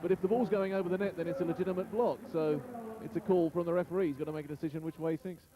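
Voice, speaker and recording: Quick-talking male expert co-commentator. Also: a little high, steady tone, crowd noise. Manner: explanatory, matter-of-fact analysis. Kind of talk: sports analysis commentary.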